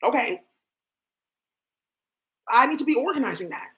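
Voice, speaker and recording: A woman hosting a tarot stream, talking in a blunt, profane, animated rant, often talking to herself. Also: high-pitched, normal speed. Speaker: tarot livestream host. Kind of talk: casual ranting monologue.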